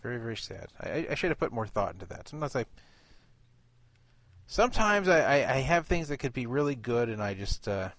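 Male host, casual and rambling, mid-pitched voice, music underneath. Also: sing-song, brisk, a bit bright, dry recording. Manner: rambling, self-correcting. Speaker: host of an online radio show. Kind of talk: casual chat.

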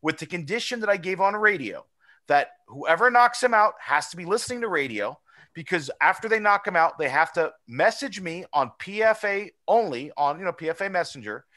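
A man hosting a casual podcast chat, talking in an animated, rambling way and swearing often. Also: high-pitched, a little fast. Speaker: podcast host.

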